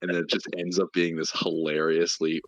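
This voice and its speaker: A man's voice: sits low, little pitch movement, fairly quick, no echo. A man co-hosting a casual podcast chat, giving blunt opinions and laughing often, heard through a dull lo-fi mic. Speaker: podcast co-host.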